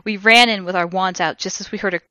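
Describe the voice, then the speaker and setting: A woman co-hosting a comedy podcast, reading fan fiction aloud in a theatrical way and shouting out the characters' lines. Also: medium pitch, fairly even intonation, quick pace, smooth, dry recording, lo-fi sound. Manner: reads with big theatrical shouts for the characters, breaks into laughter.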